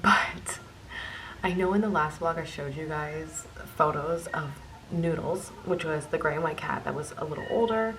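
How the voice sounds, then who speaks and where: Young woman, lowish voice, casual home vlogger, chatty, faint room hum. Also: moderate pace, fairly bright tone, poor audio. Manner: chatty, switches to high baby talk with the kitten. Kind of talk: casual vlog chat. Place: home bedroom, indoors.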